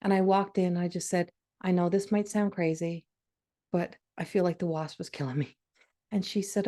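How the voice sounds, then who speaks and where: A woman's voice: lowish voice, steady tone, moderate pace, dark tone. A middle-aged woman hosting a podcast, telling a personal story in an emotional, conversational way with frequent restarts. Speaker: podcast host.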